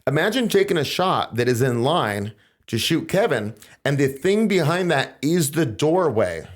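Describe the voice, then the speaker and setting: A man hosting a podcast, telling events in a casual, animated way and acting out quotes in a raised voice. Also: on the high side, moderate pace. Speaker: podcast host. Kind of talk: casual conversational storytelling.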